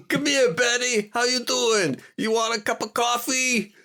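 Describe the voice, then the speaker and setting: A man voicing a loud, friendly Brooklyn man hailing a buddy, with an exaggerated, hammy Brooklyn accent. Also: very high voice, fairly even intonation, a little slow, voice pushed up, exaggerated voice.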